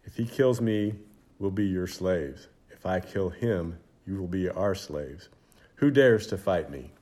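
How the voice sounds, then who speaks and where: A man's voice: animated, mellow. A man voicing a huge, boastful giant warrior who taunts and laughs at his foe in a children's Bible storybook. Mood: challenging. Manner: booming, taunting, slow menacing laughter. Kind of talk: storybook character voice.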